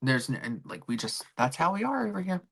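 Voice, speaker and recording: With a rumbling low, husky voice that is sing-song and fairly bright, the middle-aged woman talks briskly. She's hosting a livestream, casually trading strong opinions on royal gossip amid fillers and restarts.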